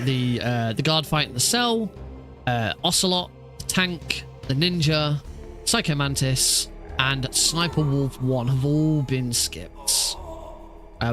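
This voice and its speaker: A young male streamer explains his speedrun in loose, rambling commentary full of restarts. His voice sits slightly high. Soft music plays faintly beneath him. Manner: rambling, many fillers and restarts. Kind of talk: live stream game commentary.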